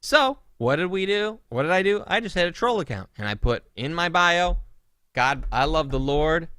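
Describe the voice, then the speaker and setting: Animated, mocking young man ranting. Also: high voice, fairly quick, clear, resonant tone, dry recording. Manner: animated, mocking, swings into loud sarcastic outbursts. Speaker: podcast co-host. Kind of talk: casual comedic rant.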